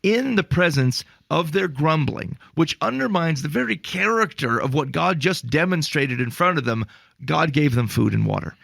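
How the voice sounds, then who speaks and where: A man's voice: a little high, animated, normal speed, vocal fry, fairly bright tone, no room sound. A man co-hosting a casual podcast about faith, telling stories with acted-out quotes and exasperated asides. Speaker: podcast co-host.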